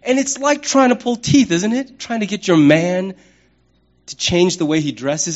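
High-voiced man preaching a sermon. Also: moderate pace, muffled recording. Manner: conversational and humorous, with lively acted-out asides. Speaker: pastor.

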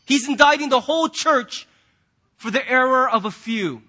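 A man preaching with a notably high voice and a bright, forceful edge. He talks in a conversational, emphatic way and drops casual asides to the congregation as he goes. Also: moderate pace. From United States. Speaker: pastor. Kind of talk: sermon.

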